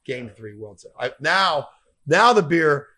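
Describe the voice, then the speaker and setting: A man's voice: on the high side, big pitch swings, unhurried, bright, forceful tone. A man hosting a comedy podcast who tells a rambling story with lots of profanity.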